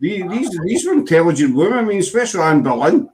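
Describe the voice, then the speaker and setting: A man's voice: high-pitched, very animated, fast talker, darkish tone, a little hiss or hum. A man with a Glaswegian accent hosting a casual chat, rambling and restarting his sentences. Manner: rambling, full of fillers and restarts. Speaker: host.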